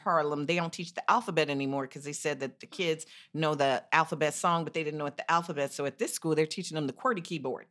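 A woman's voice: sits low, fairly even intonation, quick pace, hardly any pauses, a bit bright. A woman in casual conversation, asking probing questions and giving firm opinions.

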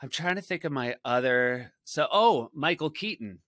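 A man's voice: mid-range voice, animated, moderate pace, a bit bright, no echo, clean studio sound. A man guest on a podcast, chatting casually and rambling with self-deprecating humor.

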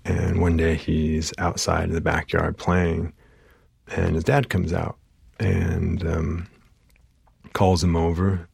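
A man, a therapist, telling an emotional story from a session, halting with many fillers and restarts. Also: deep voice, flat delivery, vocal fry, a little mellow, breathy edge, no echo, studio quality. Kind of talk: personal storytelling.

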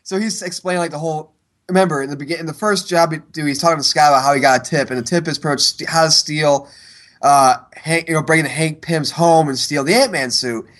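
A man's voice: a little high, steady tone, fast talker, fairly bright tone. A man co-hosting a podcast, casually retelling movie scenes in a rambling way. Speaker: podcast co-host. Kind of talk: casual movie review chat.

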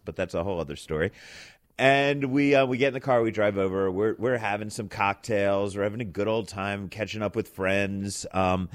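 Animated man telling a story. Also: on the low side. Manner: animated, acts out quoted voices. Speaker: host. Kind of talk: casual storytelling.

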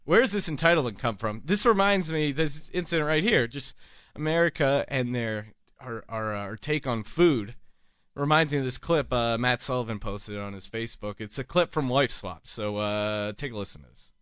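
A man's voice: mid-range voice, moderate pace, fairly bright tone, smooth, dry recording. A man in his twenties hosting a live call-in talk show, telling rambling, jokey stories with crude language. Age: 20s. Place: small studio.

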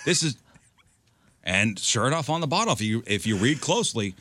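A man's voice: medium pitch, quick pace. A man telling a story in casual chat on a podcast, acting out the lines he quotes. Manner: animated storyteller, acts out quotes. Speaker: podcast co-host.

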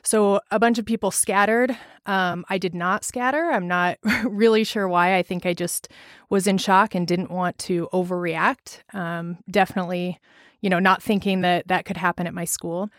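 A woman in her thirties from Colorado, a teacher slowly recalling events in an interview with frequent pauses. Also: lowish voice, fairly even intonation, a bit bright, dry recording, clean studio sound. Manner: halting, reflective, with many pauses and fillers. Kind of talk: personal recollection in an interview.

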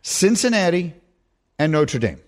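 A male host running a sports radio show, animated, laughing often and reading sponsor copy. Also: on the high side, a little slow. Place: radio studio.

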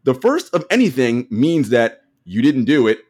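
A man's voice: medium pitch, big pitch swings, normal speed, darkish tone, slightly rough. A man co-hosting a casual sports podcast, telling stories animatedly and laughing often. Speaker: podcast co-host.

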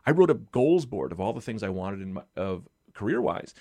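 Animated storytelling comedian man. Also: fairly low pitch, brisk, no room sound. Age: 30s. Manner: animated storyteller, laughs often, turns earnest. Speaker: guest comedian. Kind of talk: casual podcast chat.

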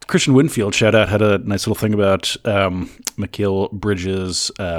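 A man with a fairly low voice co-hosts a relaxed sports podcast. He teases his partner and laughs easily. The recording is dry and close to the mic. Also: no echo. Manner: laid-back, teasing, laughs often. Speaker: podcast co-host. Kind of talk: casual sports chat.

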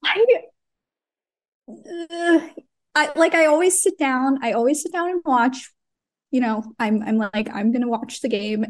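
A woman co-hosting a podcast, with a fairly high voice. She chats casually, laughs often and hesitates a lot. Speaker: podcast co-host. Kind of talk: casual chat.

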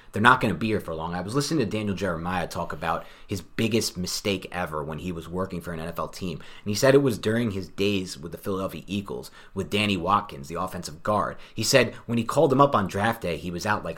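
A man with a fairly low voice hosts a sports podcast. He talks quickly and with energy, stacking point on point in loose, casual chat. He pokes fun at himself now and then. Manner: fast, animated, self-deprecating. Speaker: podcast co-host.

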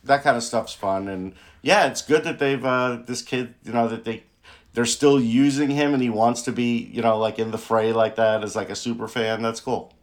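Man, sports chat co-host, laid-back, wry, dry humor, middle pitch. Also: fairly even intonation, normal speed. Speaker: podcast co-host.

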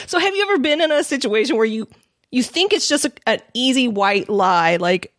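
A woman with a somewhat high voice recounts an everyday mishap in casual conversation. She laughs often and jumps up in pitch when quoting others. The sound is close and dry. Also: expressive, a little fast, no room sound. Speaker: podcast co-host. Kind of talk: casual chat, storytelling.

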